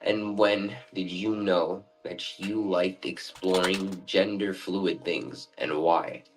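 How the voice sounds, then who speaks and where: A man's voice: low voice, fairly even intonation, slow, slight background noise, low-quality recording. A man on a video chat who rambles and apologizes a lot while asking questions. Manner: rambling, overly careful, keeps apologizing. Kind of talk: casual chat.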